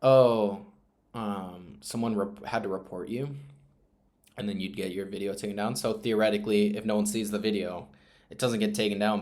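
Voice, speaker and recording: A young man thinks out loud through a live trading stream. His talk rambles and is peppered with swearing. He often trails off into a quiet mutter under his breath. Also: on the low side. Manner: rambling, profane, emotional self-talk. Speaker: trading livestreamer. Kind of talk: casual live-stream monologue.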